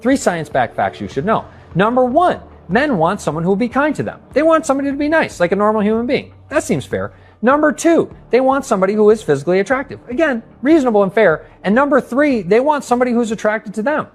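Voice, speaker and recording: Brisk, lively-voiced man explaining. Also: extremely high pitch. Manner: brisk, numbered points, calm verdicts. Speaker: scientist commentator. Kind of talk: explainer commentary.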